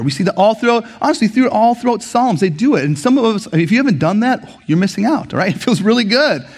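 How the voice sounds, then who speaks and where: A male pastor delivering a sermon in a lively, conversational way, tossing in quick asides to the congregation. His voice sits high for a man, and he speaks to a gathered church. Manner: animated, conversational, frequent "right?" asides.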